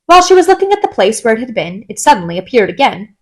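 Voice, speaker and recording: A woman narrating a classic children's novel as a storybook reading, in a gentle, expressive storytelling manner. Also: fairly high pitch, fast talker. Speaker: audiobook narrator.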